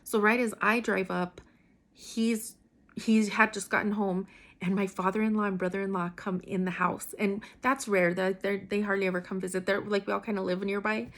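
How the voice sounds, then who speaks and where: A woman's voice: mid-range voice, level tone, normal speed, a bit bright. A young adult woman telling a personal story in a casual, candid way, full of fillers and restarts.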